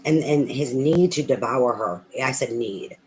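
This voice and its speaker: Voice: medium pitch, lively intonation, measured pace, darkish tone, slight background noise, poor audio. A tarot reader giving a casual reading, talking bluntly and emphatically with a lot of profanity and repetition.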